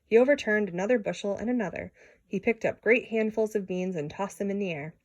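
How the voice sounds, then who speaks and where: A woman reading a children's story aloud in an expressive way, with small slips and restarts. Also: medium pitch, fairly quick, dull audio. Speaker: storybook reader.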